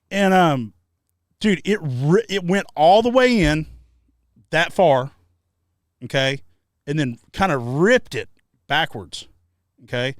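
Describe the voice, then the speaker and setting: A man co-hosting a podcast, telling stories in casual chat, animated and profane, shouting out the lines he quotes. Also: a little high, measured pace, pauses often, no room sound, clean studio sound. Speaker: podcast co-host. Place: treehouse hangout.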